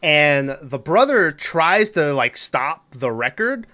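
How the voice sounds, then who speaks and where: A man's voice: a little high, sing-song, slow pace, pushed and bright. A man co-hosting a podcast, casually recapping a movie plot in a rambling, loose way, full of fillers and swearing. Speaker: podcast co-host.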